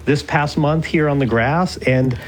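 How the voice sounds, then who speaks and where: A man's voice: a little high, unhurried, slight background noise. A man speaking as a sports journalist guest in a live radio interview from a remote location, thoughtful and stopping to restart his sentences. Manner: thoughtful, hesitant with restarts and fillers. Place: remote location, not the studio.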